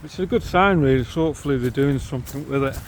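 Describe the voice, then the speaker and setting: A middle-aged man from St Helens, England, with a local accent, films a walk along canals and old railway lines on a handheld camera, chatting easily and cheerfully about the sights. His voice is medium-pitched and quick, with a little hiss or hum.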